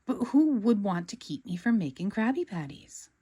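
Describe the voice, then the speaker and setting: A woman voicing a cheerful, eager young sea sponge fry cook in a storybook read-aloud, excitable and earnest. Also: mid-range voice, normal speed.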